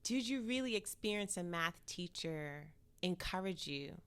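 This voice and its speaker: A woman's voice: lowish voice, lively intonation, unhurried, a bit bright, clear, resonant tone. A woman hosting a podcast in casual conversation, emphatic and encouraging, with frequent affirming murmurs. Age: adult teacher, several years since first teaching. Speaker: podcast host.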